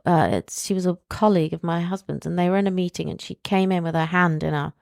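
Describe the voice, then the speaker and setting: A woman's voice: on the low side, fairly even intonation, quick pace, creaky, darkish tone, dry recording, studio quality. A middle-aged woman co-hosting a podcast, chatting frankly and giving sensible advice. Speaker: podcast co-host. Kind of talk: casual chat.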